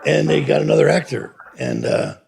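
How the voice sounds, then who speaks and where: A man's voice: on the high side, brisk, creaky, darkish tone, slightly rough. A man telling an anecdote in an interview, acting out the quoted dialogue as he goes. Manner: acts out quoted dialogue in his stories. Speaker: interview guest. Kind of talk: anecdotal storytelling.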